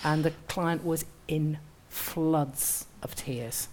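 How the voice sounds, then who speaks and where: A woman's voice: deep voice, steady tone, extremely slow, a little mellow, a little hiss or hum. A woman interior designer chatting reflectively on a live panel, acting out quoted thoughts. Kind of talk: panel discussion before a live audience.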